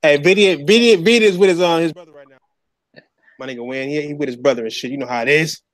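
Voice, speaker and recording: A man co-hosting a podcast, joking around in loud slang banter during casual chat. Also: a little high, fast. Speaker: podcast co-host.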